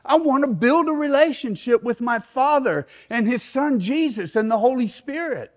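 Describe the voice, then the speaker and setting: A middle-aged man, a pastor preaching a sermon in an animated way that sinks into soft prayerful tones. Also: very high-pitched, moderate pace.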